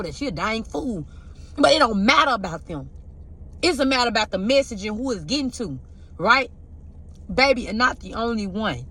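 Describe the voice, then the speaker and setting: This woman's voice is fairly high and a bit bright. As a tarot reader sharing spiritual messages, she gives a preachy yet heartfelt pep talk, confessing personal hurts and frequently asking viewers if they get what she means.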